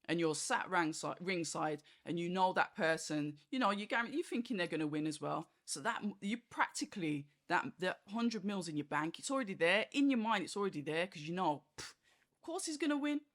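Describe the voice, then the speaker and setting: Delivered briskly with few pauses, this chatty fight review comes from a boxing channel host whose mid-range voice is animated and slightly bright. He rambles casually, leans heavily on "like" and "you know," and performs the quoted reactions.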